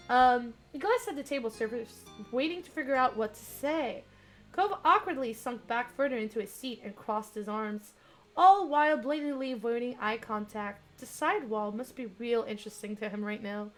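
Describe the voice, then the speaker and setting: Reading a dating game aloud to her stream, a high-voiced young woman giggles, gets excited quickly, and chats with viewers. All that reading has left her voice strained and starting to crack, while soft music plays faintly beneath her.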